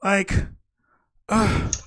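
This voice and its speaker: A man's voice: drawn-out words, fairly bright tone. An actor playing a slight young man who complains in a whiny, indignant way.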